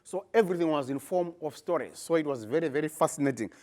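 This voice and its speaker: A middle-aged man with a Zimbabwean accent presents his research at a conference. He speaks with a somewhat high voice and grows emphatic, his pitch jumping up when he presses a point. The delivery stays that of a live talk to a room. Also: fast. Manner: animated, emphatic, rising to bursts when making points.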